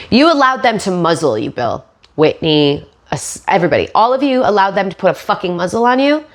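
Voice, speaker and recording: Woman, mid-pitched voice, mocking, sarcastic, swearing, podcast commentary. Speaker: podcast host and stand-up comic.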